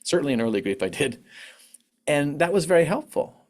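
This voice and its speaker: A man's voice: very animated, fast talker. Candid man reflecting on grief. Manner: candid, reflective, acts out quotes in a higher voice. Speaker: conference speaker on grief. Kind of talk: personal talk on grief. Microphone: online presentation mic.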